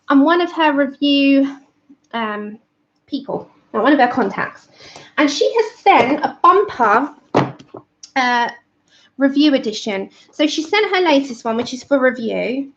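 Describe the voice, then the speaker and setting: A woman with a high, slightly bright voice hosts a live colouring stream from home, chatty and apologetic. She laughs often and greets viewers by name while a little out of breath, in casual stream chat carried by dull lo-fi audio.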